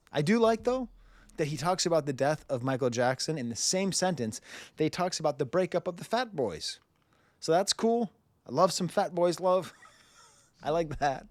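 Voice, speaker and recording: A man's voice: mid-range voice, lively intonation, measured pace, no echo. A man in his forties reviewing a rap album in blunt, sarcastic casual commentary, laughing often. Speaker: music reviewer.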